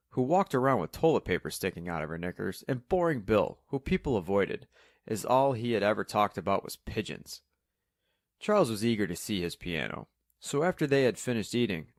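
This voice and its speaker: Low-voiced male story narrator. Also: dry recording, clean studio sound. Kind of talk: scripted audiobook narration.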